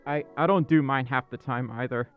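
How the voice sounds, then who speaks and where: A man's voice: mid-range voice, fairly even intonation, a little fast, narrow, tinny audio, faint music behind. A man hosting a casual livestream chat, flustered, stammering and apologetic. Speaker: livestream host. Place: dark room indoors.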